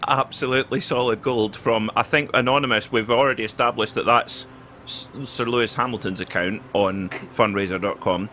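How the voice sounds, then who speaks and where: A male co-commentator on a live race stream speaks in a bright, forward voice. He is playful and jokey as he reads out donations. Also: medium pitch, fairly even intonation, moderate pace, slight background noise.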